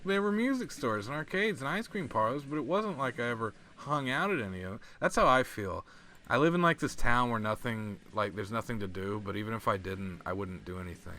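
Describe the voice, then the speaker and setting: A young man reads game dialogue and cracks crude jokes in a casual co-hosted playthrough. His tone is bright and his delivery deadpan. Faint background noise sits under the voice. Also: mid-range voice, brisk. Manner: profane, deadpan joking. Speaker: co-host reading a visual novel aloud. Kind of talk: casual let's-play chat, reading game text.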